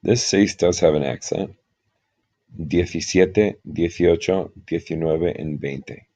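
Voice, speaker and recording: A man with a very deep, warm, husky voice teaches Spanish numbers at a board, patiently and methodically working through examples step by step at a slow pace. The sound is lo-fi.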